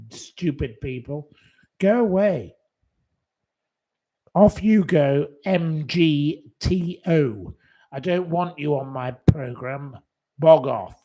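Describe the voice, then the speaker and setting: A live stream host with a fairly high, mellow voice indignantly berates his commenters. His comebacks are curt, profane, and repetitive, mostly short dismissals said over and over.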